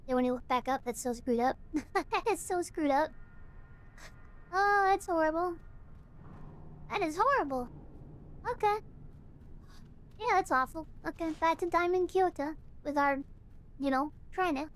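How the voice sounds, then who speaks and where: A young adult woman streaming a game, reacting in an excitable, chatty way. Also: very high voice, unhurried, pauses often. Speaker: VTuber streamer. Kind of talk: gaming livestream chat.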